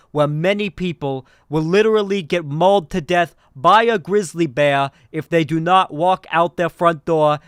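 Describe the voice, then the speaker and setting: A man doing an impression of an older male politician, declaiming loudly and hammering each point. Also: a little high, smooth, no room sound, studio quality.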